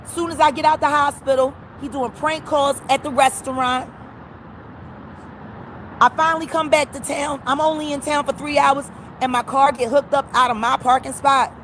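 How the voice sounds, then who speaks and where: A woman's voice: sits high, steady tone, moderate pace, fairly bright tone, a little hiss or hum. A woman filming herself on a phone outdoors at a service window, complaining in an agitated, profane rant. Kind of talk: ranting self-filmed phone video. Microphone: phone camera.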